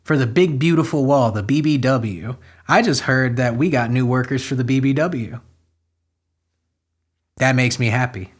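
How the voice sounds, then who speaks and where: A man hosting a comedy podcast, reading news stories aloud and riffing on them with crude, sarcastic jokes and sudden loud outbursts. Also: mid-range voice, moderate pace.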